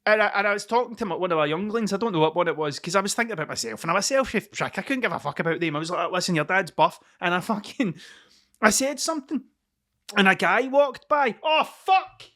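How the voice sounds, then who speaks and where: A middle-aged Scottish man talking in a high, bright voice, rambling and swearing freely as he hosts his own podcast. He keeps losing his thread and mocking himself while chatting casually into the camera mic in a cold room at home. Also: animated, fast. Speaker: podcast host.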